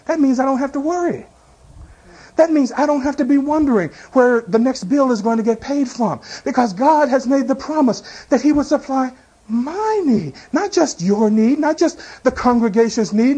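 Guy preaching a sermon, pretty high voice, keeps asking the church amen?. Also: lively intonation, a little slow, a little mellow. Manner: preaching with rhetorical questions and congregation call-outs; tells everyday illustrations. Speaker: pastor.

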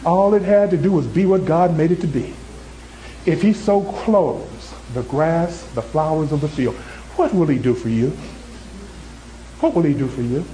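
A male pastor preaching with a voice pitched high for a man. His delivery is animated, climbing into excited high tones and dropping into soft, low ones. He acts out characters in short stories to make his points. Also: normal speed, roomy sound, a little hiss or hum, rough recording. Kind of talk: sermon.

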